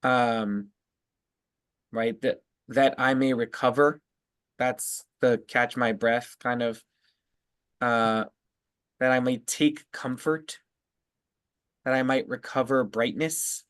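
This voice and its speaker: A man teaching as a rabbi, explaining word meanings in a halting way full of fillers and restarts. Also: mid-range voice, fairly even intonation, fairly bright tone, smooth, dry recording. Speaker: rabbi leading a text study. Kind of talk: casual teaching discussion.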